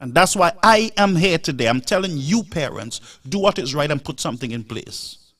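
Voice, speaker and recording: A man's voice: fairly high pitch, lively intonation, normal speed, a bit bright. A man lectures his live-stream audience in a slightly raised voice, pressing every point home. He sounds set back from the microphone, a little distant in the room. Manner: emphatic, lecturing, rhetorical "Huh?" asides. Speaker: live show host. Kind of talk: preachy live-stream monologue.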